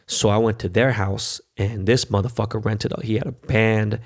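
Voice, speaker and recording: A man's voice: on the low side, fairly even intonation, normal speed, creaky. A man, hosting a podcast and telling a loose, profane, talkative story in casual monologue. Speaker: podcast host.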